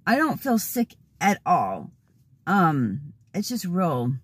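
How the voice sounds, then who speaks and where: A hoarse, worked-up woman venting casually to her vlog audience with exasperated, laughing asides. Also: on the low side, wildly swooping pitch, slow pace, no echo. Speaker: vlogger. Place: in a car, then at home.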